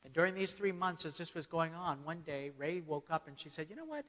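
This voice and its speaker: A man's voice: a little high, fairly even intonation, fairly quick, a bit bright. A man giving a church keynote as a storytelling sermon, often checking in with his audience. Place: church hall. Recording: long hall reverb.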